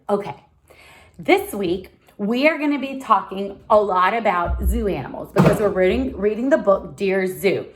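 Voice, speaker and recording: Slow sing-song preschool teacher woman. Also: fairly low pitch. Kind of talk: online lesson for young children.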